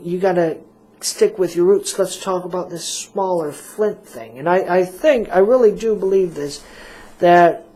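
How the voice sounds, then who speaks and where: A male radio talk host who drawls along at an unhurried pace, circling his point with fillers and self-mocking asides. He sounds relaxed and chatty, as if in a small radio studio. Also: high voice.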